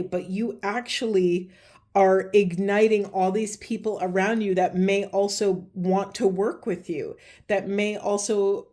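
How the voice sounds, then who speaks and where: Mellow-voiced woman giving a rambling card reading. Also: mid-range voice. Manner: meandering, searching for words with many fillers. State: voice getting hoarse. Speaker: tarot reader. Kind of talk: spiritual card reading monologue.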